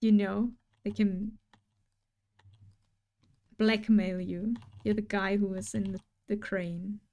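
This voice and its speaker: A woman's voice: medium pitch, little pitch movement, slow pace, warm tone, highs cut off. A woman chatting casually on a live stream while she draws, rambling and musing aloud to her viewers. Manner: rambling, musing aloud, hums and sings along between remarks.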